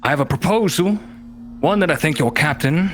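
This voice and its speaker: A man voicing a bold, smooth-talking male pirate rogue with hearty sea-dog swagger in a tabletop game. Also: fairly high pitch, lively intonation, brisk, a bit bright, soft background music.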